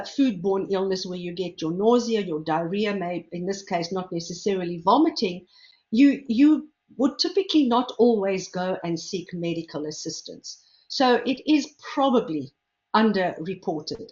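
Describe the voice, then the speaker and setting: A woman's voice: medium pitch, darkish tone. Woman lecturing, dull audio. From South Africa. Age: older. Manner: measured, explanatory, stresses key words. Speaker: food safety expert giving a webinar talk. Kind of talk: lecture presentation.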